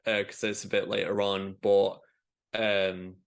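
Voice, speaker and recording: Low-voiced hesitant male interviewer. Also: little pitch movement, measured pace, creaky, clear, resonant tone. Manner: hesitant, filler-heavy musing. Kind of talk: casual interview chat.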